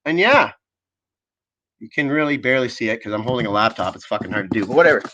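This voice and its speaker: A man's voice: mid-range voice, lively intonation, fast talker, bright, forceful tone, highs cut off. A man ranting live on a stream, swearing heavily in an aggressive, rambling way. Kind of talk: profane livestream rant.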